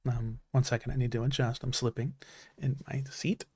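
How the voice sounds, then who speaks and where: A man's voice: mid-range voice, level tone, moderate pace, mellow, husky, dry recording. A man in his thirties, a streamer, talking in an earnest, heartfelt way about stories that matter to him, with many restarts. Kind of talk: casual chat.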